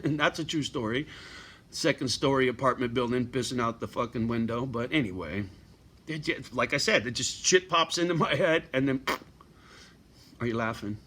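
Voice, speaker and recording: A man's voice: mid-range voice, fairly quick, bright, forceful tone. A middle-aged man ranting bluntly to his viewers in a profane, surly home vlog. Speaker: vlogger. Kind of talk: profane rant to camera.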